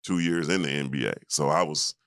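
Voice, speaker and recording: Very deep-voiced man telling a lively story. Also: fairly quick, dry recording, studio quality. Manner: animated storyteller who acts out the people in his story. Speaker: guest, former basketball player. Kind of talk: storytelling in a casual interview.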